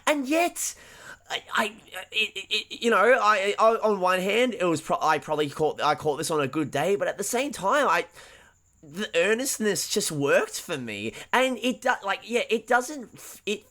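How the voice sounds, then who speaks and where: A man co-hosting a podcast talks through a movie in loose, profane bursts. He keeps restarting his sentences. His voice sits a bit high and rings bright. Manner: animated, profane, halting with many restarts. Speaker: podcast co-host. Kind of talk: casual film-review chat.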